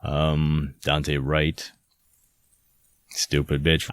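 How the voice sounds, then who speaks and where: A man's voice: low voice, moderate pace, dry recording. A man hosting a podcast, delivering an angry, profane, sarcastic monologue. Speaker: podcast host.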